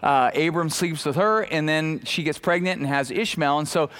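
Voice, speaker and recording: High-voiced animated male preacher. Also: moderate pace. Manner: animated, acts out the people he talks about, many fillers and restarts. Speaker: pastor. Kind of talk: sermon.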